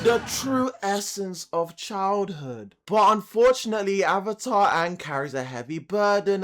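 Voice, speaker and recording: A man's voice: high voice, a bit bright. A man hosting a comedic commentary video, talking in hyped, joking slang and dropping into silly voices when he quotes characters. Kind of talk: comedic anime and cartoon commentary.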